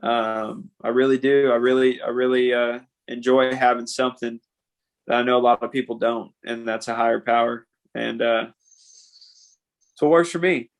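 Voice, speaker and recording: A young man speaking as a podcast guest in a candid conversation. He talks earnestly, halting and repeating himself, and keeps dropping "man" into his sentences. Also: medium pitch, fairly even intonation, rough recording. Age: young adult.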